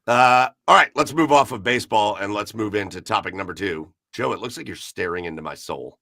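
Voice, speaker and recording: A man hosts a casual sports podcast with a gravelly, forceful voice that sits a little low. He rants with animation and swears now and then. The sound is dry and close. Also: a little fast, dry recording. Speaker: podcast host. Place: garage.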